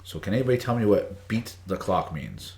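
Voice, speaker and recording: A man's voice: on the low side, very animated, a little fast, gravelly, darkish tone. A man teaching English idioms on a live stream, chatty, greeting viewers by name and reading the chat aloud. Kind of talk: casual live-stream lesson. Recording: echoey room.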